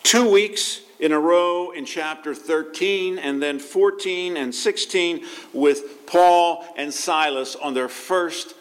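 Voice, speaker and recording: A man, a pastor, giving a conversational sermon with asides and restarts. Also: fairly high pitch.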